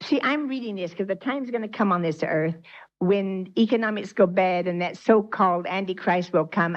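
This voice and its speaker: A woman, a spiritual teacher, reads a story aloud to her class and breaks off to quiz her listeners. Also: mid-range voice. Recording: dull lo-fi 1980s tape.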